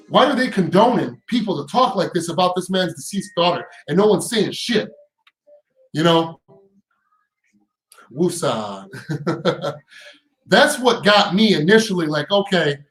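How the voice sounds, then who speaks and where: A man's voice: sits high, roomy sound, rough recording. A man hosting a casual live stream, talking in heated, profane bursts with repeated words and rising rhetorical questions.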